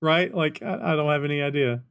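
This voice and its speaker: A man's voice: on the high side, a little fast, a bit bright, smooth, dry recording. A man hosting a podcast, chatting casually and retelling film scenes with laughter. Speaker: podcast host.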